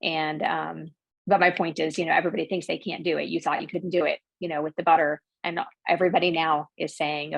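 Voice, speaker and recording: Gravelly, low-voiced woman. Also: level tone, brisk, dry recording, lo-fi sound. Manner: earnest and encouraging, repeats her point. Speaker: podcast guest. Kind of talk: casual conversation.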